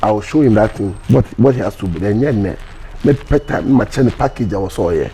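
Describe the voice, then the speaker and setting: A man's voice: lowish voice, animated, brisk, mellow, slight background noise, low-quality recording. A man with a Ghanaian accent, a guest in an interview, telling stories animatedly in mixed Pidgin and English and acting out what people said. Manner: mixes Pidgin and English, acts out quoted dialogue, laughs often.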